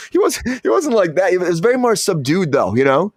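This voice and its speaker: A man hosts a casual entertainment news show, rambling with frequent stammers and restarts. His fairly high voice is very animated, moderately paced and a bit breathy, captured dry and close with no room sound or echo.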